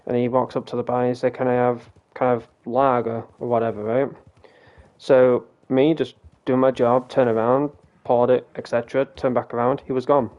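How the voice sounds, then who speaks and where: A man's voice: medium pitch, a little mellow, muffled recording. A British man streaming a game, telling a rambling story in a casual way, with frequent restarts and some swearing.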